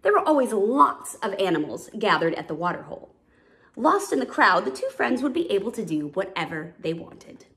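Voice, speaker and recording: Lively woman reading a children's story. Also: medium pitch, normal speed.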